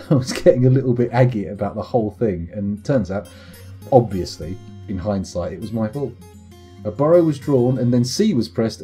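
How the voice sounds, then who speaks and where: Rambling British man with a lively voice. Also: mid-range voice. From United Kingdom. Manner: rambling, self-mocking, joking. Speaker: live streamer. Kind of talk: casual game commentary.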